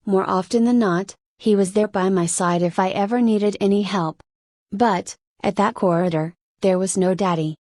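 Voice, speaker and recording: A woman narrating a first-person light novel audiobook in a steady, measured reading. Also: mid-range voice, dry recording.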